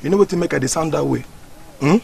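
An actor with a Nigerian accent playing a rude, mocking gatekeeper who talks down to a visitor in Pidgin. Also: male voice, a little high, fast, gravelly, a little mellow, slight background noise. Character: rude young male gatekeeper, mocking and bossy.

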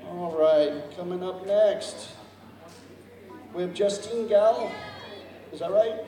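A mellow, high-pitched man takes his time as he emcees a cosplay contest live, joking and stumbling over names while asking the crowd to help. It's a large convention hall, echoey and recorded from far off, with music and a cheering crowd behind.

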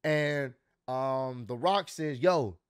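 A man with a high voice runs through the night's events in a casual vlog, slangy and excited as he retells each moment. The sound is dry and close, with no room around it. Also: moderate pace, no echo. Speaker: wrestling commentary vlogger.

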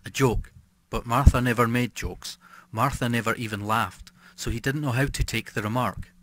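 A man narrating a short horror story for an audiobook, in a measured, even reading. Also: medium pitch.

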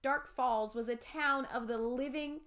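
Teacher lady reading a spooky book to her class, kinda high voice, lots of dramatic whispering. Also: unhurried. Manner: expressive, voices characters, frequent dramatic whispers.

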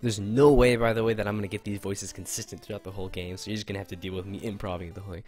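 A man's voice: on the low side, level tone, very fast, few pauses, a little mellow, soft background music. A man giving casual, rambling and enthusiastic commentary while playing an old video game. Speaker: let's play host.

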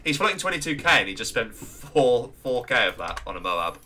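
A man with an English accent doing chatty, excitable live commentary on a strategy game match, greeting viewers along the way. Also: medium pitch, brisk.

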